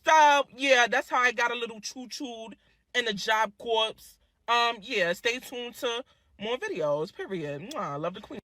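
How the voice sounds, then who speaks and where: Crude, animated high-voiced woman. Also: unhurried, no echo, studio quality. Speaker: vlogger. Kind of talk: casual storytelling.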